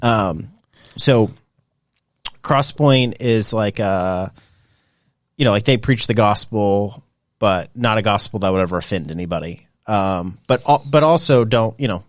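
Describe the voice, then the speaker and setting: Animated chatty man hosting a podcast. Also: lowish voice, a little slow, dry recording, clean studio sound. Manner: animated, chatty, laughs often, many fillers. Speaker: podcast host. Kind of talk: casual chat.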